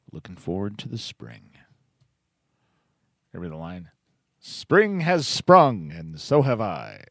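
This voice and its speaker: Easygoing male call-in radio host with an animated delivery. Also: on the low side, dry recording, studio quality. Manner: easygoing, chatty.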